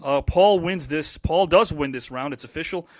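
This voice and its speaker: High-voiced teasing man hosting a show. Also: a little hiss or hum. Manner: teasing, quick, reads viewer comments aloud. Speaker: podcast host. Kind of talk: casual chat, quiz-style banter.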